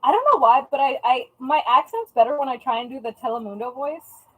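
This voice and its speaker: A young woman with a high, light voice chats casually on a live stream as she packs orders at home. She is playful and talkative and keeps up an easy running commentary. She speaks like someone from the US West Coast. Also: a little fast, a bit bright, husky, rough recording. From US Pacific time zone. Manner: chatty and playful, tries out joking Spanish phrases. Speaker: live-stream host and online shop seller.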